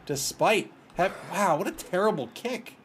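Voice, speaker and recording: A man's voice: high-pitched, animated, a little slow, a little hiss or hum. A man casually commentating his own video game match, taunting his opponent and chatting with viewers. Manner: banters with chat, taunts opponents, laughs.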